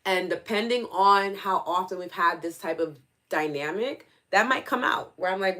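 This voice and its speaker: A woman in her thirties from New York City hosts a live stream, greeting viewers by name and answering their comments. Her voice sits a little low, and she talks in an animated way, laughing often and speaking straight to her audience. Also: moderate pace. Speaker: host.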